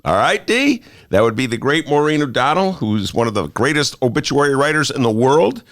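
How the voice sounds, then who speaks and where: A man's voice: mid-range voice, lively intonation, fairly quick, a bit bright, dry recording. A man hosting a talk show in a studio, joking and self-mocking in a playful monologue. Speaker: host.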